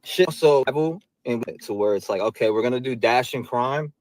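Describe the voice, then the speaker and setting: A man in a played video clip, talking in a halting, rambling way. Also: medium pitch, a little mellow, no room sound, low-quality recording.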